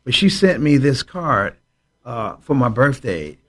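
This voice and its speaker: A man's voice: mid-range voice, sing-song. A man, a pastor co-hosting a religious broadcast, reading out scripture line by line and answering each with a single word. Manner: exclamatory, measured reading of verse pairs. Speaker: pastor, co-host.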